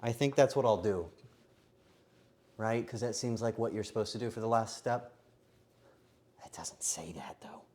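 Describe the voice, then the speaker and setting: A man live-streaming himself baking, joking to his chat and swinging between quiet mutters and loud outbursts. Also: lowish voice, moderate pace, long pauses. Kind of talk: casual live-stream commentary while baking.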